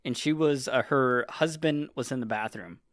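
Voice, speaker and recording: A man's voice: medium pitch, moderate pace, no room sound, clean studio sound. A man chatting casually as a podcast host, retelling a story in a loose, rambling way with lots of swearing and filler. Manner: rambling, profane, heavy use of "like". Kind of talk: casual chat.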